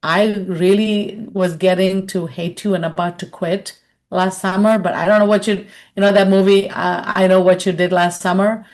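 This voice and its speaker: A woman speaking in a webinar as a leadership consultant, with a mid-pitched voice. She moves through her points by telling personal stories, and she often checks in with her audience by asking "right?". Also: fairly even intonation, moderate pace, darkish tone. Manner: chatty storyteller, tags lines with "right?".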